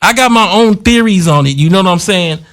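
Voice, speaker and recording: A man's voice: high-pitched, animated, brisk, a bit bright. A man hosting his own talk show in a casual, slangy, playful commentary style. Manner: laid-back, slangy, playful. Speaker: host.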